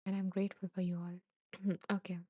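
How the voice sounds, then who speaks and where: A woman hosting a podcast, gently reading and answering live listener comments, soft-spoken and laughing softly, emotional and close to tears. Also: medium pitch, completely flat delivery, moderate pace, no room sound, highs cut off. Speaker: podcast host.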